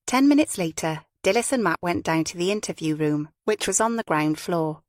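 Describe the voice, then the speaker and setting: A woman with a fairly low voice narrates a crime novel in a measured, even way. The reading is close and dry, with no room sound. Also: dry recording. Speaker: audiobook narrator. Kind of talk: scripted narration.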